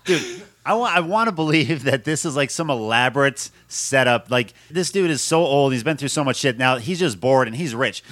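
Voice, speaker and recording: A man's voice: mid-range voice, animated, moderate pace, fairly bright tone, no room sound. A man co-hosting a comedy podcast, joking and laughing along. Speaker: podcast co-host. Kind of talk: casual comedy banter.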